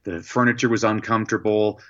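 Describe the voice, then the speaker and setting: Lively man telling anecdotes, dull sound. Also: lowish voice, brisk. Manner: lively anecdotes, frequent "uh" fillers. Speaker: guest, educator and motivational speaker. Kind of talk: storytelling in a podcast interview.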